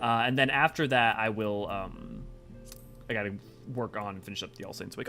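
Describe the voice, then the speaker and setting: A young adult man streaming a game and chatting casually with viewers in an animated, rambling way. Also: fairly low pitch, moderate pace, creaky, faint music behind. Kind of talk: casual live-stream chat.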